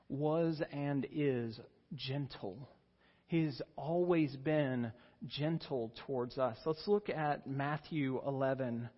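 A man preaching a sermon as pastor, earnest and rising in pitch and volume when he stresses a point. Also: in a large hall, dull audio. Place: church sanctuary.

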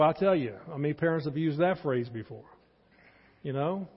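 An older Texan pastor in his sixties delivers a sermon with earnest, pleading emphasis. His voice sits a little high and sounds somewhat husky. The recording is dull and lo-fi, with long church reverb trailing his words. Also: animated, normal speed. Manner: earnest, pleading, repeats key phrases. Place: church sanctuary.

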